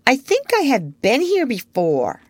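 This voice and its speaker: A woman's voice: a little high, huge pitch swings, a little slow, no room sound, voice pushed up, exaggerated voice. A woman doing a tiny, doubtful little boy. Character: small sleepy little boy.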